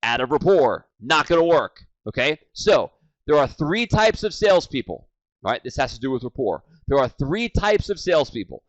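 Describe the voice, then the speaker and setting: A man in his forties teaching sales, energetic and animated, swinging from loud and hyped to low and quiet. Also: moderate pace, no room sound. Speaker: sales trainer. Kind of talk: energetic training talk. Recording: dry, slightly dull lo-fi sound.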